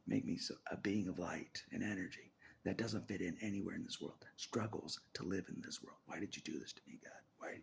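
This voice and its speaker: A man's voice: low voice, brisk, gravelly, a little hiss or hum. A man talking on his own about faith, half-whispering and laughing often as he rambles in a restless, searching way. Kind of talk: rambling spiritual monologue.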